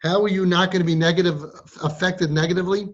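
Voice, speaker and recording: A man's voice: high-pitched, steady tone, quick pace. A man giving a motivational talk to a group of girls, quizzing them with rhetorical questions and emphatic repeats. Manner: emphatic repetition, teasing. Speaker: speaker addressing a group of girls. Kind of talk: motivational talk to a live audience. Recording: dull lo-fi recording.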